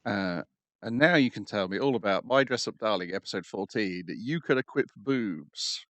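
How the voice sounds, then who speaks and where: A man hosting a podcast, speaking hesitantly with many pauses and fillers. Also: on the low side, fairly bright tone, no room sound. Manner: hesitant, full of ums. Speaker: podcast host. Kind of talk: casual chat about anime.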